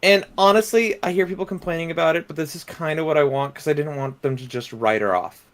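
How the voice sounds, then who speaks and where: Man, high voice, podcast co-host, casual chat, excitable, opinionated. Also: fast. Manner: excitable, opinionated, swears freely.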